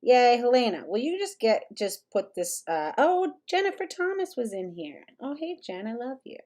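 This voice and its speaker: A woman with a darkish voice on the high side speaks at normal speed in a sing-song way. She hosts a casual commentary livestream, talking bluntly and sarcastically, swearing plenty, and chatting with viewers in the live chat.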